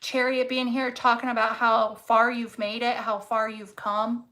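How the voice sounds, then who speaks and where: Woman doing a tarot reading, slangy and emphatic, cusses a lot, kinda high bright voice. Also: little pitch movement, unhurried, rough recording. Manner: emphatic, swears freely, repeats key words; fervent, encouraging, slangy. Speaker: tarot reader. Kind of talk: casual tarot reading to camera.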